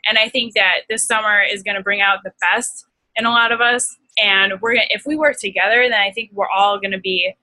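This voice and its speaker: A woman's voice: mid-range voice, bright, forceful tone, poor audio. A young woman leading a team conference call, upbeat and rambling with many fillers. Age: young adult. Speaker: team leader.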